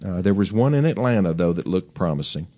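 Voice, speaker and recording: A man's voice: sits low, expressive, fairly quick, mellow. A man in his fifties hosting a show, chatting casually and folksily, rambling with fillers and restarts. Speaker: host. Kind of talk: casual chat.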